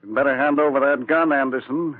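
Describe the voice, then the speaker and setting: An actor playing a calm, shrewd male district attorney who speaks dryly and with authority, from an old radio broadcast. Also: mid-range voice, brisk, dry recording, narrow, tinny audio, lightly acted. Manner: cool, dry and authoritative.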